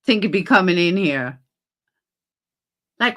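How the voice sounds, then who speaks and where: A woman hosts a laid-back livestream, reading comments from viewers aloud and replying with blunt, profane answers. She's animated, flipping fast between muttering low and bursting out loudly.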